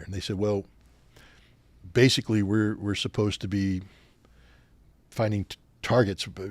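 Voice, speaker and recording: Older man telling lively war stories. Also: on the low side, no room sound. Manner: animated anecdotes, acting out quoted officers. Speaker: podcast guest. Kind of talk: storytelling in a podcast interview.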